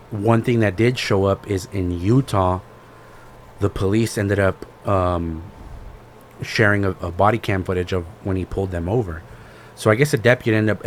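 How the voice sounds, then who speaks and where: With a slight hiss or hum in the background, a low-voiced man co-hosts a podcast in casual conversation. He rambles in a laid-back way, uses lots of fillers, and talks slangily, saying "bro."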